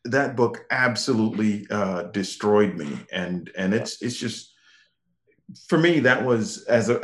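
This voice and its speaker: A man in casual chat, halting and repeating words as he talks, laughing often. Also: on the low side. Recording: echoey room.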